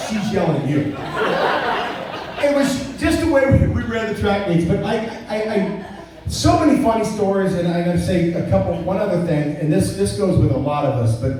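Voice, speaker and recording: A middle-aged man with a high, mellow voice speaks animatedly and a little fast, giving a casual retirement roast at an indoor party venue. He rambles through stories with stumbling restarts and chuckles, captured by a distant phone camera that makes the sound echoey with faint room noise.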